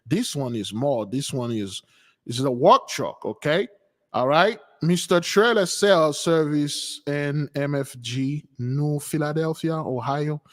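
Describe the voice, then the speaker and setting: A man with a fairly high, slightly slow voice hosts a spiritual channel as its teacher. He rambles casually through a livestream, often putting questions to his audience. The recording carries a long reverb.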